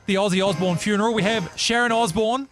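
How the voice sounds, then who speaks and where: A man's voice: high-pitched, quick pace, fairly bright tone, faint music behind. A man co-hosting a casual news chat show, joking and bantering. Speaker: radio co-host.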